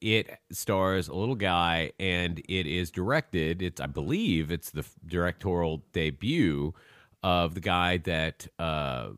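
A man co-hosting a movie podcast, chatting casually with animated, profane ranting asides. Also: low-pitched, takes it slowly, no echo, clean studio sound. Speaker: podcast co-host.

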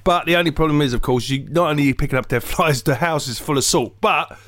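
A man's voice: fairly high pitch, fast. A man, a comedian co-hosting a podcast, telling jokey, rambling stories, swearing and acting out voices. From England. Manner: animated, jokey, digressive, swears, acts out voices. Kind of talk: casual chat, comic storytelling.

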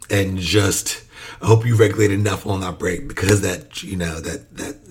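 A man's voice: on the low side, husky. A man hosting a podcast, talking loosely about his work with young children, with lots of fillers and restarts. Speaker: podcast host; early childhood educator. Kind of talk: casual podcast monologue.

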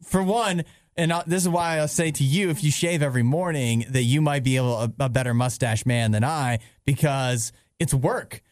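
A man with a mid-range voice co-hosts a radio show, easygoing and teasing, his pitch jumping when he gets animated. He is recorded close and dry in a studio. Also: normal speed, no room sound. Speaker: radio co-host. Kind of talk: casual on-air chat.

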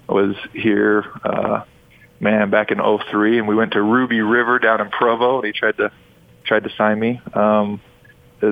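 A man's voice: lowish voice, creaky, dry recording. A man in his thirties from Utah, a former pro basketball player, telling stories as a guest in a rambling, enthusiastic way. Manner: rambling and enthusiastic, frequent restarts. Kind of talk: sports radio phone interview. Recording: tinny phone line.

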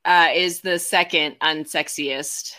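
A woman's voice: deep voice, steady tone, slow, sharp tone. A woman co-hosting a casual chat, reading items from an article aloud with fillers and frequent laughs.

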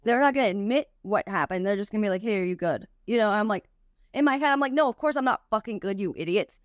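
A woman's voice: mid-range voice, animated, quick pace, no room sound, studio quality. A young woman, a podcast guest, tells a personal story candidly, with frequent swearing and many "like" fillers.

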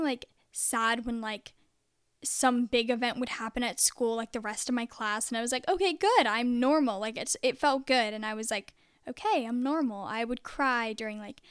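A young woman speaking in a relaxed, confessional vlog style, her voice a touch high and smooth. She rambles chattily, leaning on "like" constantly. The sound is close and dry with no room echo. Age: young adult. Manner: chatty, peppered with "like". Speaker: vlogger.

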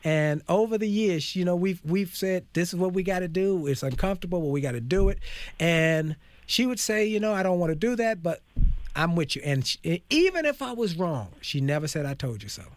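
A man in his fifties hosting a faith-based talk show, speaking in an animated, preachy way and calling out to his audience. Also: sits high, a little fast, no echo. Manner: preachy, animated, calls out to folks. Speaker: host.

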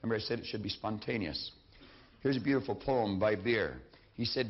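A seminar speaker with a lowish voice delivers a motivational lecture from a lectern, animated and brisk. He speaks emphatically and repeats his key phrases, captured on a dull lo-fi recording.

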